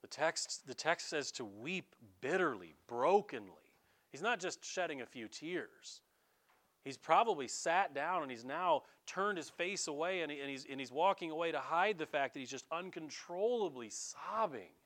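A male pastor delivers a sermon in a church sanctuary. His slightly high voice swings widely in pitch as he acts out the people he quotes. He often stumbles into quick restarts. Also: lively intonation, fairly bright tone.

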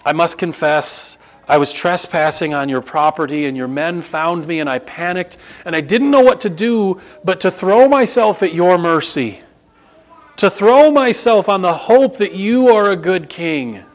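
Earnest, pleading commoner, as a male preacher puts him on; lively pitch. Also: unhurried. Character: panicked trespassing man pleading.

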